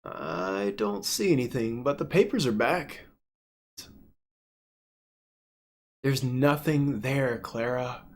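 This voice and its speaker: Soft, lively-toned dad figure, a tired gentle novelist, read aloud by a man. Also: medium pitch, a little slow, natural voice. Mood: patient.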